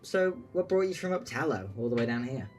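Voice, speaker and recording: A man's voice: medium pitch, very animated, a little fast, soft background music, lightly acted. A man voicing a sociable young man at a bar in a tabletop game, asking easy, chatty questions. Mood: friendly.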